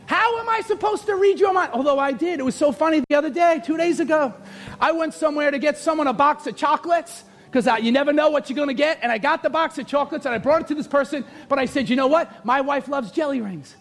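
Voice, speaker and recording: High-voiced shouting preacher man. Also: fast talker. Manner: preaching loudly, often shouting, with humor. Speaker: pastor. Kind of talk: sermon. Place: church.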